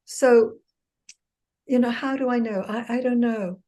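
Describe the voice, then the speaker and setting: Speaking unhurriedly in a fairly high voice with a dark tone, this woman from the United States, an author and exercise therapist, muses sincerely as a guest in a relaxed interview. She restarts her sentences now and then and laughs lightly.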